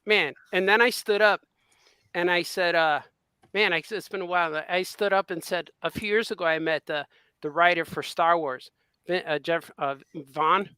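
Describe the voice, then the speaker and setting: Bright, high-voiced man telling stories. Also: moderate pace, smooth, no echo. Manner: animated anecdote-telling, acts out quotes. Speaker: podcast co-host. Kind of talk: casual storytelling chat.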